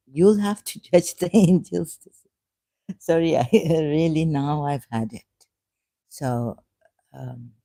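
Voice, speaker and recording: A native Urdu speaker with a dark, mellow tone and an ordinary middle pitch. The talk is a casual monologue on faith, hesitant and halting, with many fillers and self-corrections. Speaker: ex-Muslim vlogger.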